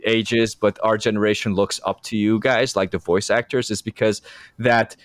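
Low-voiced rambling podcast co-host. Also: male voice, little pitch movement, moderate pace, no echo, studio quality. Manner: rambling, many fillers and restarts. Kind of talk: interview conversation.

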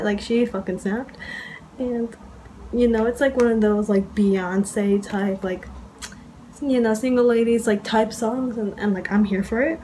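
A woman's voice: fairly high pitch, a little slow, dark tone, a little hiss or hum, poor audio. A young woman making a casual reaction vlog, gushing, swearing and squealing as she reacts to music. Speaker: YouTuber reacting to music videos. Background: music playing.

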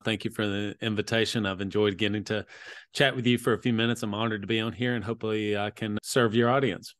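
A man who is a business coach, talking as a guest on a podcast in a relaxed, conversational way. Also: on the low side, fast talker, no echo. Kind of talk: interview storytelling.

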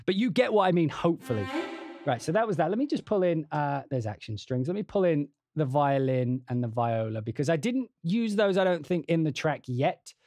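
A man's voice: fairly high pitch, lively intonation, fairly quick, a little mellow, no echo, studio quality. Man rambling through a music demo. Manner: rambling, hums and scats rhythms aloud. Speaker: composer demonstrating a sample library. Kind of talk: casual livestream walkthrough. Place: home studio at a keyboard.

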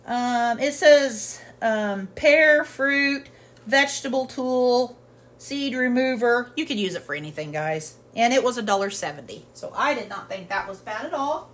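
A woman with a slightly high voice rambles cheerfully through a shopping haul at home, stopping often for fillers. Her talk is loose and unscripted. A faint room hum sits behind her. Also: expressive, a little slow, a bit bright. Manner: rambling and chatty with many fillers. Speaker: haul vlogger. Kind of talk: casual product haul chat.

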